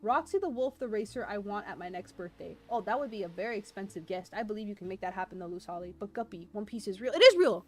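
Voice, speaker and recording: A woman streaming a history presentation live, excitable and self-deprecating, laughing often and reading chat aloud. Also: mid-range voice, fast, few pauses. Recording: faint music behind voice.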